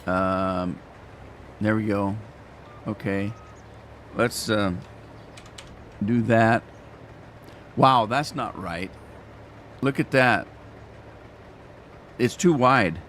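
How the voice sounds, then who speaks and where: A man's voice: on the low side, lively intonation, very slow, pauses often, fairly bright tone, a little hiss or hum. An older man giving rambling, self-deprecating commentary while playing a farming game. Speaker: gaming streamer. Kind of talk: casual gameplay commentary.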